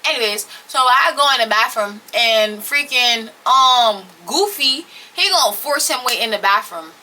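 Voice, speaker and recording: A young woman telling a story in a casual, blunt and profane way, animated as she retells what happened. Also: fairly high pitch, moderate pace. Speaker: storytelling vlogger.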